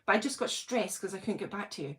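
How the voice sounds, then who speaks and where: A middle-aged British woman hosting a casual livestream, nervous and excited, chatting and greeting viewers by name. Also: medium pitch, quick pace. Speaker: channel host doing a livestream.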